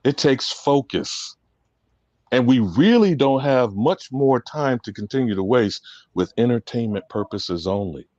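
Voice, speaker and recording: A man giving impassioned commentary, preachy and emphatic, his voice swinging from loud to soft. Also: medium pitch, animated, measured pace, no echo, highs cut off.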